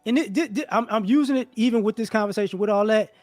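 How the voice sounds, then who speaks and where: Casting: high-pitched, animated man debating fight tactics, dry close mic. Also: quick pace, no room sound, soft background music. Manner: animated, rhetorical, acts out quoted people. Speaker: co-host. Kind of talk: casual debate about boxing.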